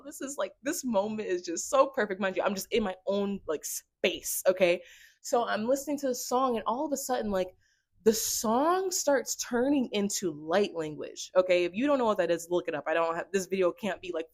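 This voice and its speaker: A young woman vlogger telling a story to camera in an excitable, rambling way, full of fillers. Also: mid-range voice.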